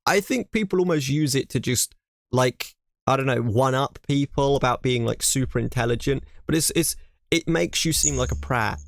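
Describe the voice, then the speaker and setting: An English man chatting on a stream, close to the mic in a dry room. He rants with animated emphasis, circling back over the same point, while his voice sits mid-range. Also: medium pitch, normal speed, creaky, dry recording. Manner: ranting, animated, repeats himself. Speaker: streamer reacting to a video. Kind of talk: casual reaction chat.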